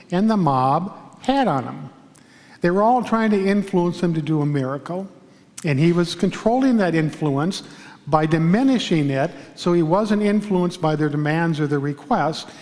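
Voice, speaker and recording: A male pastor giving a sermon in a church, telling a story in a calm, measured way with pauses. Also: on the high side, in a large hall. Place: large church sanctuary.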